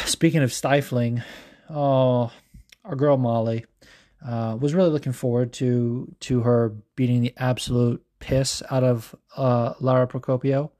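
A man with a mid-range voice, talking a little slowly, hosts a casual podcast recapping fights. A bit hungover, he rambles animatedly, swears constantly, and fills his chat with fillers and asides.

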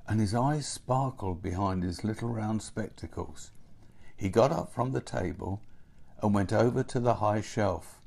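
A man narrating a storybook in a gentle, unhurried way. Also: lowish voice, creaky.

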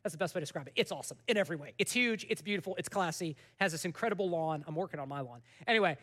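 A man, a pastor in his thirties, preaching in a conversational, animated way, with sudden drops to a soft voice while telling stories. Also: a little high, racing. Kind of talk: sermon.

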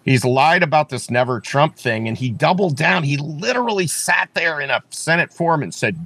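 A man's voice: a little high, lively intonation, normal speed, fairly bright tone, no echo. A man running for office, talking emphatically in an interview and repeating his points with many restarts. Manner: emphatic, repetitive, restarts often. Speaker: political candidate. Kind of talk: campaign interview talk.

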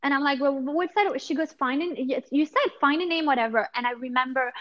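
A woman's voice: high-pitched, fast talker, fairly bright tone, muffled recording. Blunt, swearing woman podcast host. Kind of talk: casual podcast chat.

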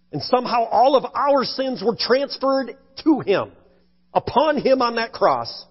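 A male pastor preaching a sermon in a church sanctuary. He swings between emphatic, raised delivery and hushed passages, in a dull recording with long church reverb. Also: very high-pitched, sing-song, unhurried, breathy edge.

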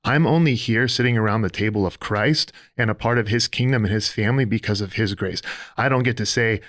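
A man's voice: fairly low pitch, fairly quick, fairly bright tone, dry recording. A man co-hosting a faith-based podcast discussion, speaking earnestly in a preacher-like way and building his points in lists. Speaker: podcast co-host.

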